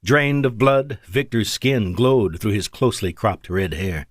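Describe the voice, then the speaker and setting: A man reading an audiobook in measured, dramatic scripted narration at a close studio mic. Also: fairly low pitch, no echo.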